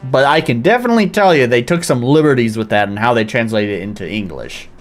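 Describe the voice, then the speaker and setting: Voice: mid-range voice, animated, fast, soft background music. A streamer giving blunt, sarcastic, swearing commentary during a live game playthrough.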